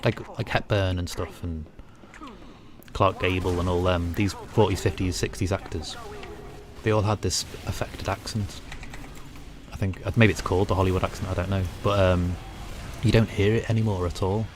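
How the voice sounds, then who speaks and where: A man's voice: sits low, fairly even intonation, normal speed, noisy background. A man with a northern English accent, chatting casually and rambling to his chat while gaming on a livestream. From northern England. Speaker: streamer.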